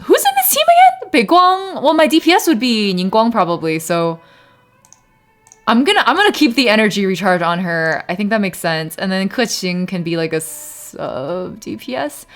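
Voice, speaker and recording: A woman live-streaming a game, chatting casually and thinking aloud, breaking into laughs and sometimes slipping into Mandarin. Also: normal speed. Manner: laughs often, bursts into high excited yelps. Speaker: variety streamer.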